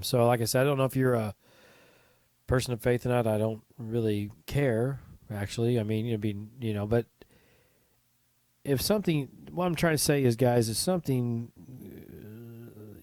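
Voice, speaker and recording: Male podcast host, conversational and rambling, earnest, mid-low voice, dry close sound. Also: a little mellow, dry recording. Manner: chatty, rambling, earnest, with restarts and asides to listeners. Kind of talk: casual solo podcast talk.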